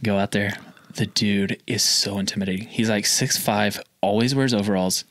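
A man's voice: lowish voice, fairly even intonation, normal speed, fairly bright tone, no room sound, clean studio sound. Chatty guy from Oklahoma telling stories. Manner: rambling, filler-heavy with lots of "like". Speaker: feed store owner, guest. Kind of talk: casual storytelling interview.

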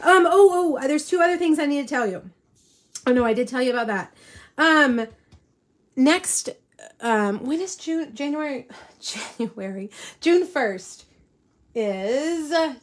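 A woman's voice: high voice, expressive, unhurried, long pauses. A woman hosting a weekly live crafting show, chatting casually and rambling with many ums and restarts. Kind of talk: casual live-stream chat. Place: home in South Texas.

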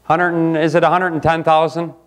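A pastor preaching a sermon in a church, jumping from loud outbursts to quiet asides. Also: male voice, a little high, flat delivery, a little fast. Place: church sanctuary.

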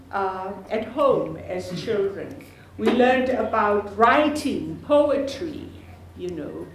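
A woman's voice: a little high, a little mellow. Older South African woman in an echoey hall. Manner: chatty and joking, often laughing, with halting restarts. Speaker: panel speaker, sister of the honoree. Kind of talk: informal public talk at a lecture panel. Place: university lecture hall. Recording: echoey hall with faint noise.

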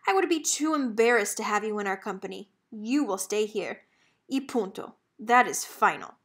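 A woman's voice: medium pitch, expressive, normal speed, slightly rough. A woman reading aloud, voicing a stern, snobbish stepmother with scornful, clipped commands.

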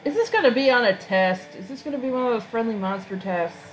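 A woman's voice: on the high side, lively intonation, quick pace, a little hiss or hum, low-quality recording. A woman chatting casually and making joking asides while she plays a video game. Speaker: let's-play gamer. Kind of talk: casual gameplay commentary.

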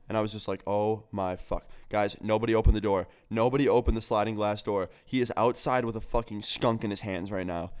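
A young man telling a vlog story in an animated way, with heavy swearing and frequent "like". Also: on the low side, clean tone. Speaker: vlogger.

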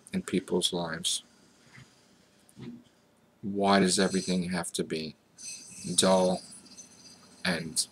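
American man, casual vlog, rambling, self-mocking, low voice, faint background noise. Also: a bit bright. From United States. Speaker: vlogger.

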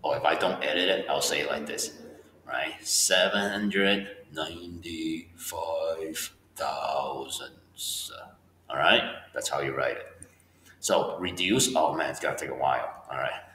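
A man teacher working through a homework problem out loud, talking through each step and checking with students. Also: extremely low pitch, moderate pace, echoey room, a little hiss or hum. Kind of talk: homework walkthrough lesson.

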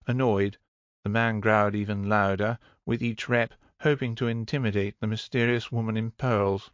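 A man's voice: fairly low pitch, fairly even intonation, normal speed, dry recording, dull audio. A man narrating an audiobook in a dry, wry manner.

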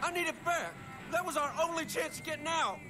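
A man's voice: extremely high pitch, fairly quick. An actor playing a desperate middle-aged male bush pilot in a video game, frantic and pleading, swearing a lot. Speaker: game character. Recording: game audio with music behind.

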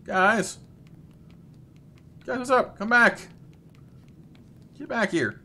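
A man's voice: high voice, animated, slow pace, pauses often, sharp tone. Playful man streaming a live game. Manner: playful, chatty, greets chat by name, talks to game characters. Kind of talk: live gameplay commentary.

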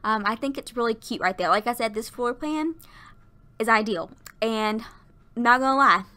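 A woman's voice: a little high, moderate pace, pushed and bright. A woman in her twenties, tired and out of breath, chatting and laughing as she narrates a game build at her workplace. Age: 20s. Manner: chatty and rambling, laughs often. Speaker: YouTuber narrating a Sims build. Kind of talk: casual voiceover chat. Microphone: desktop USB mic.

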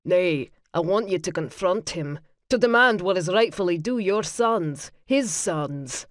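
A woman doing a gruff brother. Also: lively intonation, a little slow, no room sound, clean studio sound. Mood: insistent. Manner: firm, insistent, lowered voice. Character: gruff protective Highland man, an older brother. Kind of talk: audiobook character voice.

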